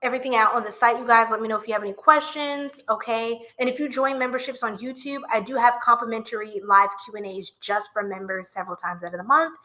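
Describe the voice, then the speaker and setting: Bright, high-voiced woman chatting on a live stream. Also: steady tone, fast talker, hardly any pauses. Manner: playful, chatty, singing bits of songs. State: short of breath. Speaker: tarot reader and live streamer. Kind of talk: casual live-stream chat.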